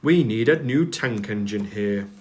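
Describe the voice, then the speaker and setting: Man doing stern railway boss, firm, commanding, slowish, storybook. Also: lowish voice, animated, darkish tone. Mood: kind.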